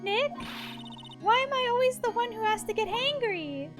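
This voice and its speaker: A woman voicing a bubbly teenage spirit medium sidekick in a game, with a chirpy, high delivery. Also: expressive, moderate pace, music in the background.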